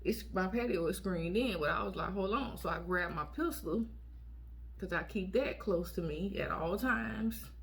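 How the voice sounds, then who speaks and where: A woman vlogger telling a dating story to her viewers in a casual, blunt and animated way, often acting out what she said in a raised voice. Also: mid-range voice, moderate pace, creaky, a little hiss or hum.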